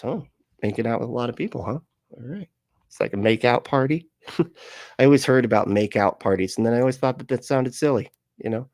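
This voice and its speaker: A man's voice: medium pitch, brisk, a little mellow, no echo. Rambling Southern US man on a dry mic. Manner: rambling, laughs often, swears freely. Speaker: livestream host. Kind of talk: casual livestream chat, reading comments.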